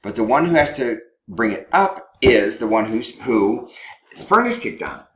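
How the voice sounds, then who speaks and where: A man teaching as a marriage counselor, animated and chuckling, often acting out quoted lines. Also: mid-range voice, a little slow. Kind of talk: teaching talk to couples. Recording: roomy echo.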